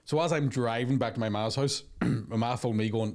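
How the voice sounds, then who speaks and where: A man's voice: medium pitch, fast, few pauses. A man hosting a podcast, telling a story in casual, profane chat and acting out the voices of the people in it. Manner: profane, animated storytelling with acted quotes. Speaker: podcast host.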